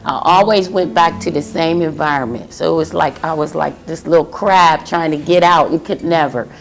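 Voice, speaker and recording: A middle-aged woman giving an emotional personal testimony, halting and pausing often. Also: low voice, slight background noise. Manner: emotional, halting, with many pauses. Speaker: testimony speaker.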